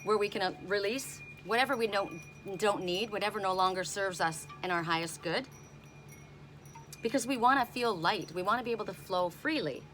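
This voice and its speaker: A woman's voice: mid-range voice, moderate pace, fairly bright tone, faint music behind. A middle-aged woman doing an oracle card reading outdoors, blunt and indignant in her asides. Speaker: tarot and oracle card reader.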